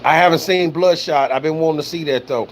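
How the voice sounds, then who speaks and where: A man with a somewhat high-pitched voice talks casually on a livestream, drifting between points and filling gaps with "you know" and "man". He swears freely and answers viewer comments as he goes. A faint air-conditioning hum sits underneath. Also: fairly quick. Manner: loose, rambling delivery, peppered with "you know" and "man", swearing.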